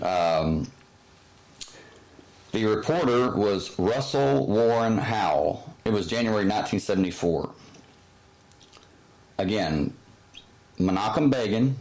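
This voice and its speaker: A man's voice: fairly low pitch, expressive, slow, pauses often, darkish tone, rough recording. A man hosting his own channel, giving a heated, sarcastic opinion monologue full of fillers and restarts. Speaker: channel host.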